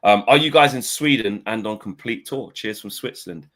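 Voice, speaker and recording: A man's voice: lowish voice, moderate pace, a bit bright. A man co-hosting a casual fan podcast, bantering and reading messages aloud.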